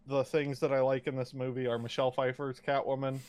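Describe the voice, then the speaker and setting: A man's voice: medium pitch, brisk, smooth. A man casually chatting about movies, swearing freely and acting out little quoted voices as he tells stories. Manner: profane, animated storytelling with quoted voices.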